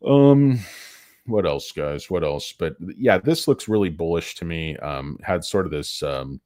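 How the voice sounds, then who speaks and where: A middle-aged man hosting a rambling stock market stream, full of crude jokes, tangents and sudden loud bursts. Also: low voice, expressive, a little slow, no room sound, studio quality. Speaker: stock market livestream host. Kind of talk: rambling casual market commentary.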